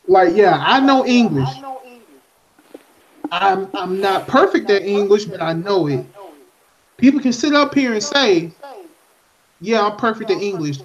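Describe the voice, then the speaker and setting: A man's voice: high voice, animated, measured pace, long pauses. A man co-hosting a casual podcast, talking earnestly and musing aloud, often restarting his thoughts. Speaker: podcast co-host. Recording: dull lo-fi podcast mic.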